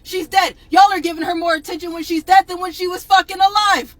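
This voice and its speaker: A woman on a livestream, angrily ranting to viewers, swearing and often shouting. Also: very high-pitched, fairly even intonation, brisk, dry recording, rough recording. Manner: angry, profane, repeatedly shouting at viewers. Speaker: advocate on a livestream. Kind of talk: impassioned livestream rant.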